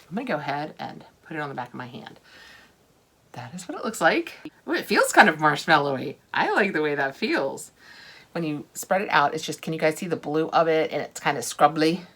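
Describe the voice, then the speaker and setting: An older woman talks through an unboxing in a relaxed, chatty way, gushing over each item. Her voice sits a little low in pitch. Now and then she drops to a soft whisper. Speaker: vlogger unboxing products. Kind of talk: casual unboxing chat.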